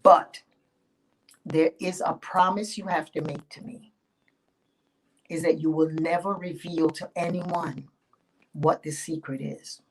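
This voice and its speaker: A woman's voice: low voice, steady tone, takes it slowly, pauses often, a little hiss or hum, poor audio. A woman voicing a flirtatious goddess who coaxes and sighs sweetly, raising her voice for the part. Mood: persuasive.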